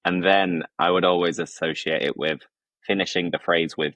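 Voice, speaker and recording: A man with a Yorkshire accent, an English teacher hosting a casual conversation, explaining slang in a relaxed way with plenty of examples and fillers. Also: low voice, moderate pace, no echo.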